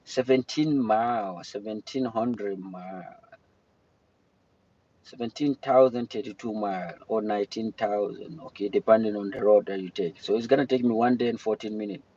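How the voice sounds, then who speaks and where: A man's voice: on the low side, normal speed, dark tone, husky, muffled recording. Rambling man chatting on a livestream. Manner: rambling, greets chat viewers mid-thought. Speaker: livestream host. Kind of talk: casual live-stream chat. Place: in or near his car.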